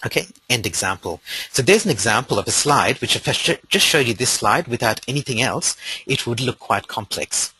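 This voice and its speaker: A man's voice: mid-range voice, animated, a little fast, bright, forceful tone, breathy edge, no echo, rough recording. A man with an Australian accent presenting a live webinar, explaining step by step in a conversational way with frequent fillers.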